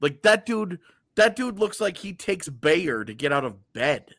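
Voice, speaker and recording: Sarcastic, excitable man on a podcast. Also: sits high, a little slow, no room sound, clean studio sound. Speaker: podcast co-host. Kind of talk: casual sports chat.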